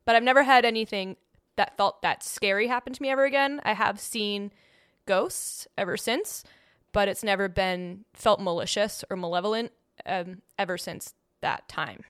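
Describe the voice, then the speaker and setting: A young woman casually telling a personal story, animated, acting out the voices she quotes and laughing now and then. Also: medium pitch, normal speed, clean tone, no room sound, studio quality.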